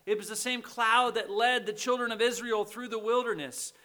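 A man's voice: extremely high pitch, fairly even intonation, normal speed, sharp tone. A man preaching a sermon in a conversational way, often checking in with his listeners. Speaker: pastor.

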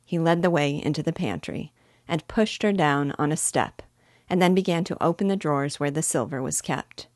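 A woman reading a children's story aloud in a gentle, measured way. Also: sits low, no room sound, clean studio sound. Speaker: storybook reader.

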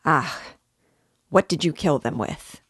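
Woman reader voicing a pushy, excitable man of the law; low-pitched, dry read. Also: slightly rough, no room sound, exaggerated voice. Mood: excited. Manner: hurried, emphatic, louder than the narration. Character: excitable male police investigator, fussy and insinuating.

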